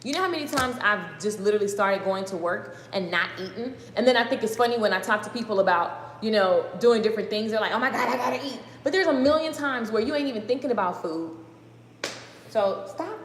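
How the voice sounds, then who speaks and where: A woman giving a fast, excited motivational talk in casual slang on a live stream from her home kitchen, repeating her points for emphasis. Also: mid-range voice, echoey room, in a large hall, a little hiss or hum. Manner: excited fast ranting, talks too fast.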